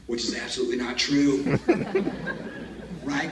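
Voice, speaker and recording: This graduation speaker has a mid-range voice with huge pitch swings, speaking slowly with long pauses as he recounts army stories in a folksy, joking way and laughs at them himself. Heavy background noise fills the echoey large hall, recorded from a far camera.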